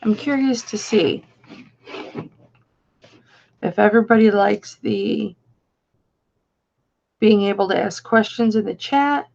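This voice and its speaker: A woman hosts a casual live stream, answering her viewers with affection. She talks slowly with a gravelly rasp. The sound is dull and lo-fi. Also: mid-range voice, darkish tone. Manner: chatty, affectionate, reads out viewer comments. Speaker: live-stream host and reseller.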